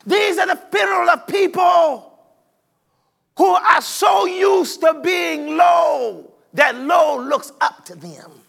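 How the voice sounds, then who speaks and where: Man, gravelly, very high-pitched, shouting sermon. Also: animated, takes it slowly, a faint crowd. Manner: shouting, sing-song preaching cadence. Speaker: preacher. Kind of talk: whooping sermon.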